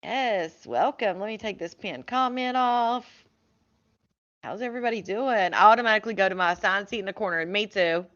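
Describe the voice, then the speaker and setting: A woman's voice: medium pitch, animated, brisk, a bit bright, dull audio. A woman hosting a casual live stream, chatting and greeting viewers one by one by name.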